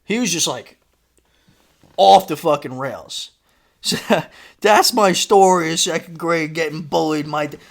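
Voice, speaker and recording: A man co-hosting a podcast, telling a story in casual chat, animated and swearing, acting out quotes loudly. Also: on the high side, a little slow, gravelly. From Florida, United States. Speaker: podcast co-host.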